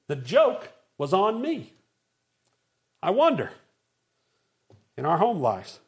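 Animated high-voiced preacher man. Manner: animated storytelling with acted-out quotes. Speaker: pastor. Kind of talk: sermon.

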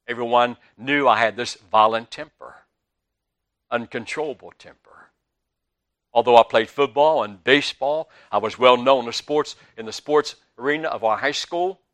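An older man with a Southern US accent preaching a sermon, telling stories with big swings between loud and soft. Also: mid-range voice, moderate pace. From Southern United States. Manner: animated storytelling with big swings in loudness.

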